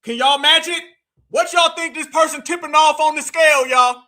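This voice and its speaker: A man hosting a live commentary stream, talking in an animated, mocking, preachy way and sometimes shouting. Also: very high voice, normal speed. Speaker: livestream host.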